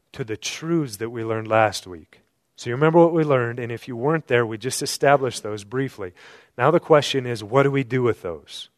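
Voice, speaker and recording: Brief: male pastor, mid-range voice, sermon delivery, rhetorical questions, loud-to-hushed dynamics, dry close recording. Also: no room sound. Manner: rhetorical questions, swings from loud emphasis to hushed low tones. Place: church service at night.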